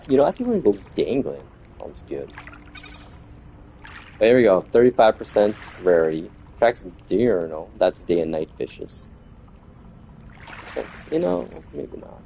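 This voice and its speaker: Playing a game, this man rambles and talks easily with his viewers in laid-back commentary. His voice sits on the low side, and there's slight background noise.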